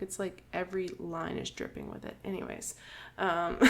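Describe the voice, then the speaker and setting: A woman co-hosting a podcast, casually retelling a book's plot with quick giggles and lots of "like". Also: lowish voice, gravelly. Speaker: podcast co-host. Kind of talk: casual book discussion.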